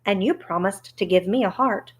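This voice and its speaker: A woman's voice: medium pitch, moderate pace, lightly acted. A woman voicing an anxious tin man who speaks with agitation. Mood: agitated.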